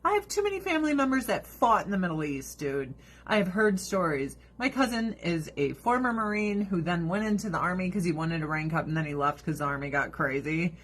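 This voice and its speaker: A woman's voice: fairly low pitch, expressive, brisk, a bit bright. A woman chatting casually to camera in a blunt, profane way. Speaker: vlogger. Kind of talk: casual chat.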